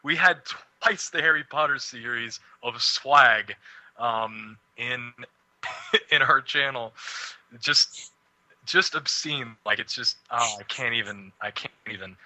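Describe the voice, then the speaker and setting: A man's voice: mid-range voice, slow pace, bright, forceful tone, no room sound, poor audio. A young man co-hosting a casual radio show, rambling and swearing, laughing often. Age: young adult. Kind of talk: casual chat.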